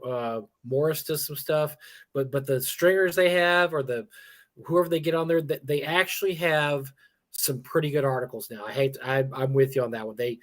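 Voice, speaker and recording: A man's voice: fairly high pitch, fairly bright tone. A man co-hosting a casual gaming talk stream, rambling and chuckling as he acts out quoted players. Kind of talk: casual chat.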